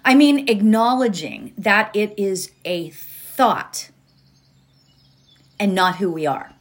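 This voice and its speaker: A woman's voice: mid-range voice, expressive, slow. A woman hosting a motivational podcast, talking casually and directly to her listeners with frequent laughs. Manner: chatty, laughs often, addresses listeners directly. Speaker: podcast host.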